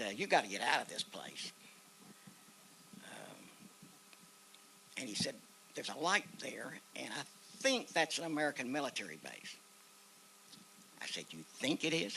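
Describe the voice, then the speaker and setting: A man's voice: medium pitch, vocal fry, pushed and bright, a little hiss or hum, rough recording. An older man with an Oklahoma accent, telling a personal war story at an outdoor ceremony in a folksy way, acting out the voices in it. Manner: folksy storyteller, acts out quoted dialogue. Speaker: guest speaker, veteran. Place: outdoor park memorial ceremony.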